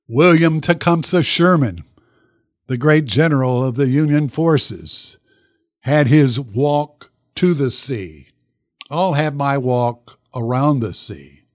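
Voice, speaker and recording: A man's voice: medium pitch, no echo. Man preaching a sermon, dry close sound. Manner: dramatic storytelling with acted quotes and questions to the congregation. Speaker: pastor.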